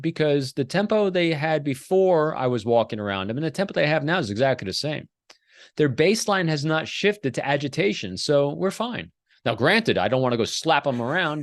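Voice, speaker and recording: A middle-aged man speaks as a podcast guest, telling lively stories from his home office. He acts out quoted lines as he explains. The sound is dry and close, with a medium-pitched voice. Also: dry recording. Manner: animated storyteller, acts out quotes. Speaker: podcast guest, behavior expert. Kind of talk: conversational storytelling interview.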